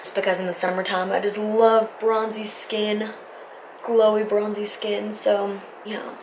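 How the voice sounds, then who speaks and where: A young woman in her twenties chats her way through a makeup tutorial, rambling and cutting herself off mid-thought. Her voice sits at a middling pitch. There is a faint noise floor under the recording. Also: level tone, a little slow, darkish tone, low-quality recording. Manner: rambling, self-interrupting, talks while applying makeup. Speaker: beauty vlogger.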